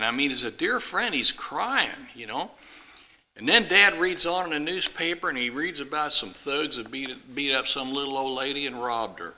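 Bright-voiced folksy man preaching. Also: a little high, rough recording. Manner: folksy, rambling, with restarts. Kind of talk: sermon with illustrative story.

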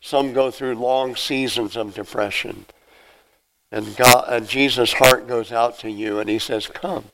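An older man preaching a sermon with emphatic repetition and sudden loud swells of emphasis. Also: medium pitch, steady tone, measured pace, vocal fry, poor audio. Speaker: pastor.

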